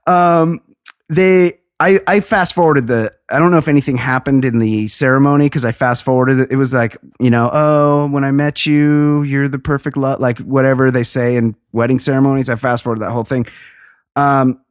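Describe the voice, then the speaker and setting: A woman's voice: a bass voice, a little fast, dry recording, clean studio sound. A woman hosting a podcast, recapping a reality show in a gossipy, sarcastic, profane way. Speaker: podcast host. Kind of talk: casual podcast chat.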